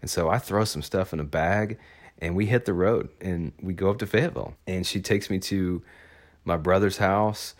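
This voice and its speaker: A man's voice: low voice, normal speed. A young adult man from Arkansas, telling a personal story in a casual, rambling way with lots of fillers. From Arkansas, USA. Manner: relaxed, rambling with many fillers.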